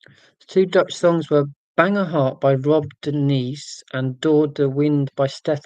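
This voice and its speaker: A man's voice: fairly high pitch, fairly even intonation, moderate pace, darkish tone, dry recording, highs cut off. A man, hosting a casual livestream and rambling self-deprecatingly through tangents. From United Kingdom. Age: 40s. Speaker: livestream host.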